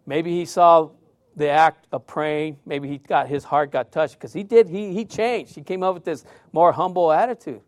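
A male pastor preaching a sermon, telling stories with sudden loud outbursts and quiet drops. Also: fairly high pitch, moderate pace, no echo, studio quality.

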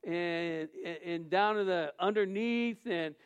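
A man's voice: sits high, slow pace, clear, resonant tone, muffled recording. A man who is a pastor, preaching a sermon and telling a funny personal story, acting out the dialogue and laughing often.

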